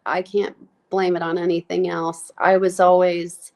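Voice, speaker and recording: Halting, emotional woman telling her story. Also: on the low side, flat delivery, dull audio. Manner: halting, reflective, many fillers and restarts; emotional, close to tears. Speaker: nurse practitioner guest. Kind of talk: candid personal interview.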